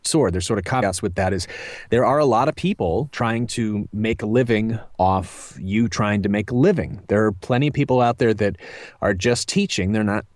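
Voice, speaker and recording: Low-voiced man, dry close sound. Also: moderate pace, no echo. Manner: rambling, self-deprecating, many fillers and restarts. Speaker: voice actor guest. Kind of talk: casual interview chat.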